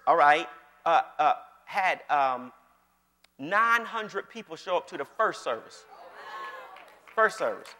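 A male pastor preaching in a lively conversational style, often asking the congregation whether they follow him. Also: on the high side, slow, long pauses, big-room sound, some chatter behind, a little hiss or hum. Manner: animated, keeps checking in with the congregation. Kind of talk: conversational sermon.

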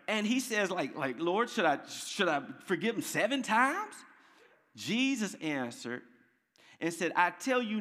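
A male pastor preaching a sermon in a church, quizzing the congregation with questions and swinging between loud, high emphasis and quiet, low tones. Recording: long hall reverb.

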